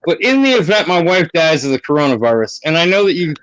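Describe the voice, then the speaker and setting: A man calls in to a casual online show, full of crude jokes and mock flirting. His voice is a little high, and the sound is muffled and dry with no room. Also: big pitch swings, fast talker, a bit bright, no echo. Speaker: caller.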